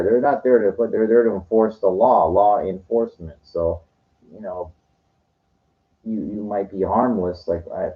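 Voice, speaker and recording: A man telling rambling stories in a casual monologue, swearing now and then. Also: lowish voice. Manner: rambling, profane storytelling. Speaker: vlogger. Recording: dull lo-fi recording.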